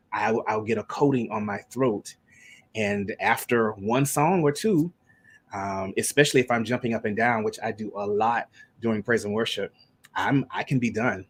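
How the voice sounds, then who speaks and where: Lowish and a bit bright, the voice belongs to a gospel singer and worship leader chatting casually on a live stream. He spins meandering stories full of restarts.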